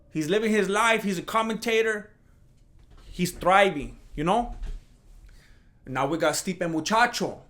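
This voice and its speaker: Podcast host, male, slightly higher voice; casual, rambling, animated solo chat. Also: a little slow, long pauses. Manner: rambling, animated, mocks imagined critics in a higher voice.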